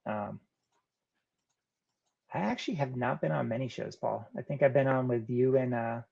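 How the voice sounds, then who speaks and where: Gravelly guy chatting on a live stream, answering chat comments, kinda muffled lo-fi audio. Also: medium pitch. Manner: relaxed, reads chat comments aloud and answers them one by one. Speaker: live-stream host of a reselling channel.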